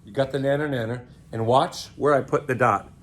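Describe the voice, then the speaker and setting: A man's voice: medium pitch, fairly even intonation, a little fast. Guy teaching kids violin and cello on video, goofy jokes, call and response, orchestra room. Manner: playful, repetitive call-and-response coaching with jokes. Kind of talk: recorded video string lesson for children.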